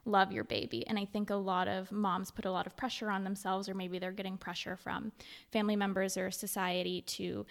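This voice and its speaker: A young adult woman talking as a guest in a casual interview, a mother and blogger speaking candidly with lots of fillers. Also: mid-range voice. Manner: chatty and candid, with frequent fillers.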